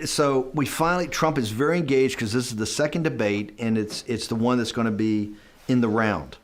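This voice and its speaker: Male interviewee, mid-pitched, chatty storyteller, rambling delivery with acted-out dialogue. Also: fairly quick. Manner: rambling, animated, restarts and acts out quoted dialogue. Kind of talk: conversational storytelling.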